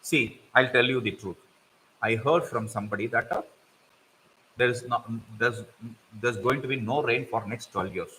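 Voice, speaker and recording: A man doing a wily old crane, low and mournful. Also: bright, forceful tone, a little hiss or hum, close to an everyday voice, poor audio. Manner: slow, mournful, put-on sorrow. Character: scheming old male crane feigning grief.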